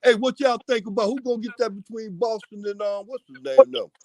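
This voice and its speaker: A man calling into a casual sports chat, rambling and repeating his shout-outs. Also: extremely high pitch, steady tone, brisk, gravelly, crowd noise. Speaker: caller.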